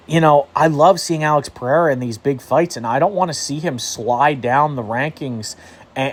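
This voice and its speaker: Young male vlogger, slightly high voice, fiery profane rant, casual recap delivery. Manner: heated, profane ranting. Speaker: MMA commentator vlogger.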